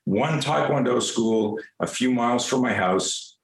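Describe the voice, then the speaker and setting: A man in his sixties, a podcast guest telling a personal story in an animated, self-mocking way and swearing freely. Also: mid-range voice, a little slow. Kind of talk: casual storytelling. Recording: roomy echo.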